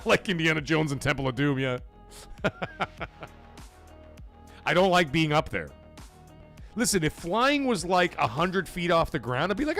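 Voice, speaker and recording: A man hosting a live gaming stream, telling a story in a swearing, animated way, getting loud and then dropping quiet. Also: fairly high pitch, unhurried, gravelly, long pauses, soft background music. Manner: animated, profane, swings loud and soft for effect.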